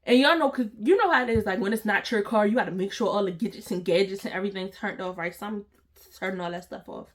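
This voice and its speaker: A woman's voice: mid-range voice, fast. A woman, dramatically telling a storytime vlog and talking straight to her viewers with slang. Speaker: storytime vlogger.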